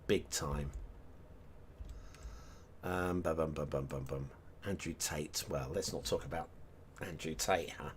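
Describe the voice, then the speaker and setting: A man's voice: extremely low pitch, measured pace, long pauses, a little hiss or hum. A man chatting casually on a live game stream, rambling between topics and humming to himself as he works. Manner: rambling, hums and mutters to himself while working. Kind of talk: casual live-stream chat while map making.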